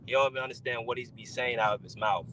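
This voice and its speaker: A man's voice: medium pitch, steady tone, fast talker, pushed and bright, a little hiss or hum, poor audio. A man co-hosting a basketball podcast, scolding a critic with frustrated profanity. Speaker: podcast co-host. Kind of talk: heated podcast rant.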